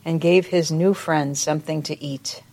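A woman's low voice reads a children's story in a church setting, slow and expressive throughout. She ends by saying a short prayer.

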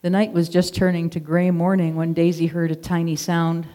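Expressive narrator reading a children's story aloud. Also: mid-range voice, normal speed.

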